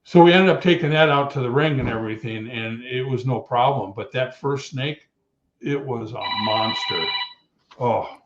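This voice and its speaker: A man in his sixties, a retired wrestler guest, telling rambling, animated road stories and acting out what others said. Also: medium pitch, normal speed, slight background noise. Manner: rambling, animated storyteller who acts out quotes. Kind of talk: anecdotal storytelling. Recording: echoey, dull remote call audio.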